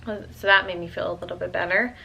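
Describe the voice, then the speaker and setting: A woman's voice: fairly low pitch, steady tone, brisk, vocal fry, pushed and bright, breathy edge, low-quality recording. A woman in her twenties, a vlogger, telling a personal story in a casual, chatty way, with plenty of "um" and "like". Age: 20s. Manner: chatty, full of "um" and "like".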